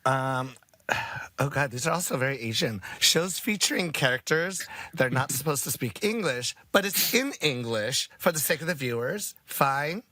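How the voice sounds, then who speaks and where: A man co-hosting a casual podcast, chatty and quick to laugh while airing complaints. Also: medium pitch, lively intonation, sharp tone, no echo. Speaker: podcast co-host.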